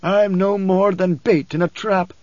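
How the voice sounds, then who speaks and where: A man voicing an old blind preacher, hoarse, bitter and fearful, with tense, raised and pleading lines. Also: high-pitched, normal speed, darkish tone, dry recording, lo-fi sound, pitched above the performer's own voice.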